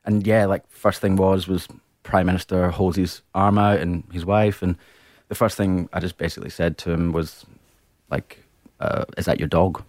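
A man's voice: deep voice, flat delivery, normal speed, a little mellow, dry recording, clean studio sound. An Australian man, a guest on a chat show, telling rambling anecdotes with frequent laughs. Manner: rambling storyteller, laughs often. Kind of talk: casual chat.

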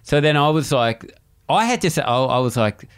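A man's voice: on the high side, lively intonation, normal speed, clear, resonant tone. A man comedian telling a story in casual chat with a wry, understated delivery.

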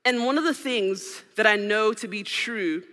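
High-voiced, bright preacher in a hall. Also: male voice, unhurried. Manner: playful, joking with a live audience. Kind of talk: sermon. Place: church hall with live audience. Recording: reverberant hall with keyboard music.

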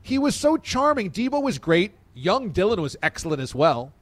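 A man's voice: moderate pace, no room sound. A man hosting a sports talk show, chatting casually and enthusiastically with his co-hosts. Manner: animated, enthusiastic, pitch swings. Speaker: show host.

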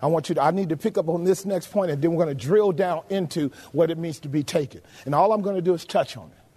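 A man pastor delivering a sermon, questioning the congregation, shouting some lines and dropping to a low murmur on others. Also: quick pace, breathy edge. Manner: preaches with shouted emphasis and sudden drops to a low murmur.

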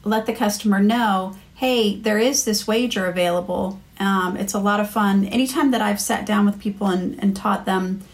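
A woman's voice: medium pitch, normal speed, hardly any pauses. An American woman, a guest on a podcast interview, talking casually and telling anecdotes with many fillers and restarts. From United States. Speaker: marketing executive guest.

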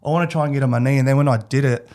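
A man with an Australian accent, appearing as an interview guest, tells personal stories candidly and animatedly, laughing along the way. It's casual storytelling in a medium-pitched voice delivered very fast.

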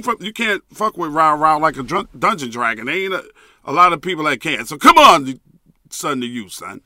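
A man's voice: a little high, sing-song, a little fast, bright, forceful tone, no echo, clean studio sound. A man hosting a podcast, ranting emphatically and profanely and repeating a catchphrase. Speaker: podcast host. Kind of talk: solo podcast rant.

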